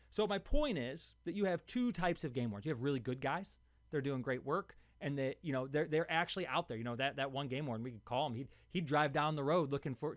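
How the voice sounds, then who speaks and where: A man's voice: mid-range voice, no echo. A young man hosting a podcast, telling a story in a casual monologue, getting heated and restarting his words as he goes. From Ohio. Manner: heated, repetitive, restarts words when worked up. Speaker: podcast host.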